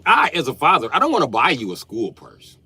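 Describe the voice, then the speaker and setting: A slightly high, husky male voice, a little fast and without echo, belongs to a man in his late thirties. On a livestream he rants through comic stories full of profanity, laughing mid-story with animated energy.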